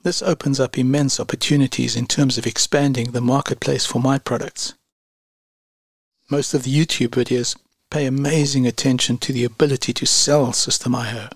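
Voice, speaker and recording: A man with a gravelly, slightly husky voice reads a scripted product review at a measured, unhurried pace. The sound is dry and close, with no room around it. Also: medium pitch, fairly even intonation, no room sound. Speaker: online business reviewer.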